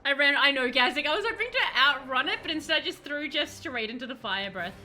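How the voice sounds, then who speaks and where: A woman streaming a video game, chatting excitedly and talking to the characters on screen. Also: high-pitched, brisk. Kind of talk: live gameplay commentary.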